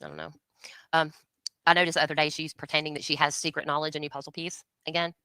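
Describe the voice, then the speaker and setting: A woman's voice: low-pitched, flat delivery, fast, sharp tone, smooth, dry recording. A woman in a livestream talk, blunt and combative, pressing her points hard. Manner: blunt, combative, repeated challenges. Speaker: livestream co-host. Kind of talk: heated casual commentary.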